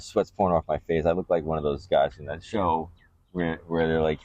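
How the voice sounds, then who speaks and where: A man's voice: rumbling low, steady tone, brisk, darkish tone, lo-fi sound. A man co-hosting a podcast, telling a candid, rambling and crude story in casual chat. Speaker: podcast co-host.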